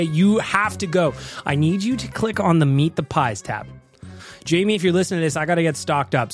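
A man hosting a podcast, ranting with profanity and reading sponsor plugs. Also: on the high side. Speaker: podcast host.

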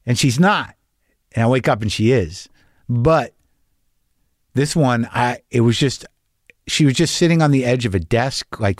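A man's voice: medium pitch, no echo, studio quality. A man hosting a podcast, talking in a rambling, profane, stop-and-start monologue. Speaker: podcast host. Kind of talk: casual monologue.

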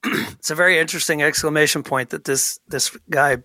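Bright, animated man ranting about football. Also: a little high, fairly quick, no room sound. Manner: animated, ranting, frequent restarts. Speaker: podcast co-host. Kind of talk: casual sports talk.

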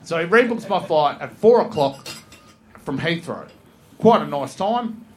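A man's voice: a little high, lively intonation, a little slow, a little mellow. A man, a comedian guest on a podcast, telling a long rambling anecdote with swearing and laughs between phrases. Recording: noisy podcast recording.

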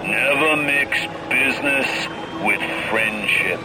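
A man's voice: mid-range voice, takes it slowly, close to an everyday voice. An actor with a New York accent playing a smug, scheming male crime boss in a video game, with a drawling tough-guy delivery. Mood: gloating. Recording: game audio with noisy background hum.

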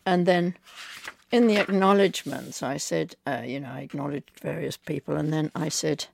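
Gravelly older English woman novelist. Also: low-pitched, moderate pace, slight background noise. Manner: chatty, rambling anecdotes with fillers and laughs. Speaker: novelist guest. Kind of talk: conversational interview.

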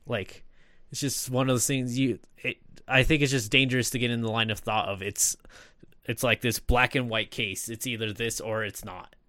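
A man appearing as a podcast guest, making earnest points in casual talk that trail off into quieter asides. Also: mid-range voice, fairly even intonation, normal speed, no echo, clean studio sound. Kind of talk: casual film discussion.

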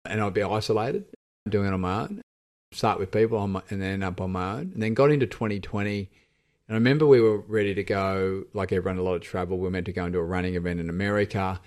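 Deep-voiced Australian man, candid and halting. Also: fairly even intonation, darkish tone. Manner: reflective, halting, with frequent restarts. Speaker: podcast guest. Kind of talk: candid personal storytelling.

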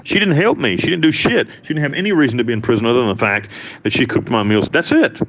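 A man telling his own story in an interview, blunt and profane, with animated delivery. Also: mid-range voice, quick pace. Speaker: interviewee, former prisoner.

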